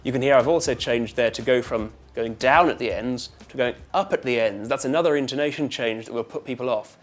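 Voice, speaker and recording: A British man, an actor and voice coach, giving a how-to lesson loudly and quickly, with crisp consonants, a twangy tone and lively up-and-down intonation. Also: medium pitch. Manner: loud and fast-talking. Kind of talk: instructional how-to talk.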